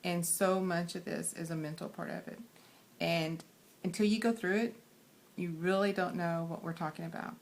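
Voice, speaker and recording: A woman with a Texan accent talks to her camera in a casual vlog, earnest and a little shy. Her voice sits slightly low and she fills pauses with soft ums. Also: fairly even intonation. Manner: soft-spoken, many fillers, earnest; quiet and shy. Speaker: weight loss surgery vlogger.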